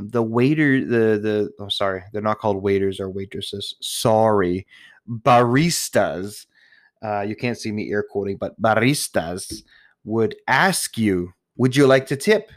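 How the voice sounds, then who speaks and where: Profane, exasperated podcast man ranting. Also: on the low side. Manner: profane, exasperated, rambling with restarts. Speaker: podcast host. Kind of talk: casual ranting monologue.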